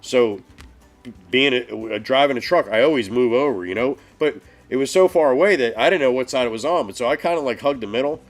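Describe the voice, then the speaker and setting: A man on a casual live stream, telling road stories in an animated way and swearing a lot. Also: mid-range voice, fairly quick, faint music behind. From northeastern US. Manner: animated storytelling, heavy swearing. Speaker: podcast co-host.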